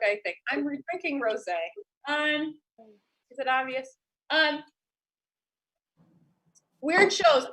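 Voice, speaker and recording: A young woman performs comedy over a video call, her voice pitched very high. She talks slowly and unhurriedly, playful and quick to laugh at her own jokes. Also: sharp tone.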